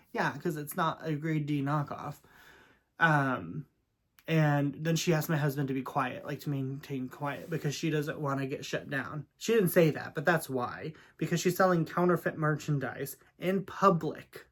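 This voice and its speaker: A man's voice: fairly high pitch, steady tone, normal speed. Chatty, sassy man telling a story. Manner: chatty and sassy, with dramatic asides. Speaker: vlogger and real estate agent. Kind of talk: casual storytelling vlog.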